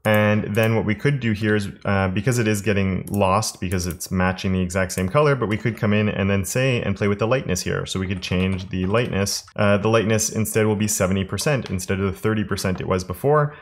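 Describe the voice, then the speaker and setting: A man teaching web development in a screen-recorded coding tutorial, thinking aloud in a relaxed way with fillers and restarts. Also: fairly low pitch, brisk, few pauses.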